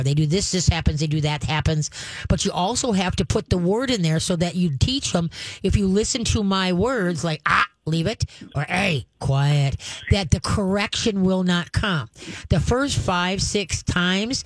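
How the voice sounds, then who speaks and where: Animated woman hosting a dog advice show. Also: fairly low pitch, dry recording. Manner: lively, acts out growls and dog voices. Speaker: radio host and dog trainer.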